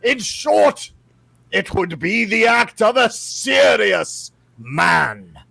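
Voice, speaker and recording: A man's voice: big pitch swings, extremely slow, gravelly, pushed and bright, no room sound, exaggerated voice. A man putting on the voice of a pompous aristocrat who lectures the common folk. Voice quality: pompous, booming.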